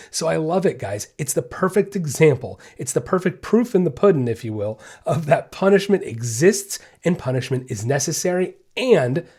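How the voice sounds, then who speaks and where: A man's voice: mid-range voice, breathy edge. A man hosting a casual dog-training podcast, explaining points with lots of repetition and checking in with "right?" and "okay?". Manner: animated, repeats points, asks "right?" and "okay?". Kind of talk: casual instructional podcast talk.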